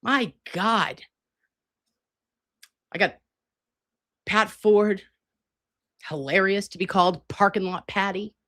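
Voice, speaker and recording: A woman's voice: mid-range voice, slow pace, long pauses, a bit bright. A woman in her forties hosting a casual livestream, brash, profane and campy, with lots of asides. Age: 40s. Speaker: livestream host.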